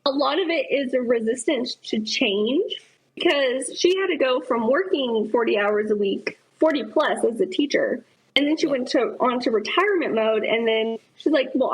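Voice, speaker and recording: A woman telling an anecdote on a podcast in an animated way, acting out the dialogue she quotes. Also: on the high side, moderate pace, slightly rough, rough recording. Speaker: podcast guest. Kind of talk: anecdotal storytelling. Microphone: remote podcast call.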